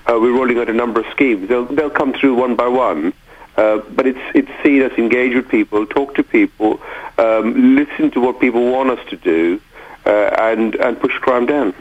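Male police inspector, hesitant, middle pitch, tinny phone line. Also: normal speed. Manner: hesitant, full of fillers. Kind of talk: phone-in interview. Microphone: telephone.

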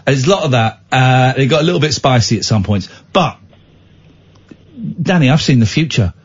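A man hosting a late-night radio phone-in, chatting and telling stories in a playful, animated way. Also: mid-range voice, normal speed, breathy edge, lo-fi sound. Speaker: radio show host.

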